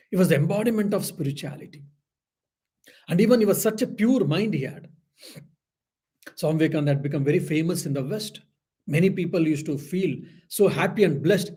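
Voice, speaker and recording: A man's voice: on the high side, darkish tone, husky. A man, a monk, giving an earnest spiritual talk, telling stories with many restarts. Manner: earnest storytelling with frequent restarts and "I mean". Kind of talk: storytelling spiritual lecture.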